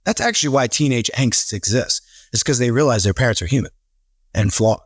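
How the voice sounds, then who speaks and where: A man in a casual podcast conversation, telling stories with animated quoted voices. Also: mid-range voice, brisk, husky, dry recording, clean studio sound. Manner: animated storyteller, acts out quotes. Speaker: real estate team leader, podcast guest.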